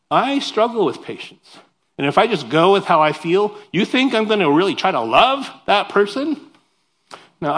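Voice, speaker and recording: A man preaching a sermon as pastor, animated and conversational, turning to the congregation with questions and personal asides. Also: a little high.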